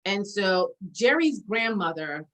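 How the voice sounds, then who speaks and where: A woman in her forties telling old stories in a casual conversation, animated and often breaking into laughter, with lots of fillers. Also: mid-range voice, slow pace, low-quality recording. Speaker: guest sharing memories.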